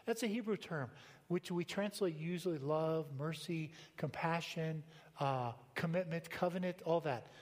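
An older male pastor preaches in an easygoing, conversational manner, full of stories and rhetorical questions. His voice sits a little high for a man. It carries a long reverb from the church sanctuary around him. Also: a little slow. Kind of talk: sermon.

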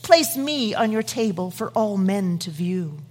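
Showy brass vessel begging to be seen, voiced by a woman; breathy, bouncy pitch. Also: expressive, a little slow. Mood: pushy. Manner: loud, pushy. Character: wide-mouthed shallow brass vessel, showy.

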